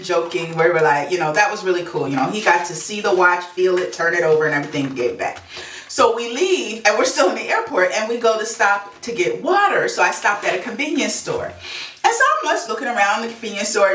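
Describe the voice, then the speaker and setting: A woman's voice: medium pitch, fairly bright tone, far from the mic. A woman vlogger telling a story in a chatty way while she counts cash aloud, laughing often. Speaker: budgeting vlogger. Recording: echoey room, voice off-mic, faint noise.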